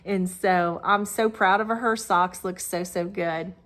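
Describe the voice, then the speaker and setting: A woman's voice: on the low side, fairly even intonation, a little slow, a bit bright. A middle-aged woman hosting a crafting video, talking casually and rambling with lots of fillers and restarts. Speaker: Flosstube host. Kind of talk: casual show-and-tell vlog.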